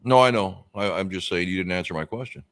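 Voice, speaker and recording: Very deep-voiced man musing on a stream. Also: fast talker, fairly bright tone. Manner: rambling, musing aloud with many fillers. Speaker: stream co-host reading out chat comments. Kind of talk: casual live-stream chat.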